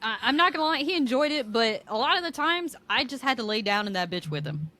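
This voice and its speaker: A woman's voice: high voice, sing-song, fast, pushed and bright, no room sound. A young woman co-hosting a podcast, chatting candidly and laughing often. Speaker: podcast co-host. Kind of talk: casual chat.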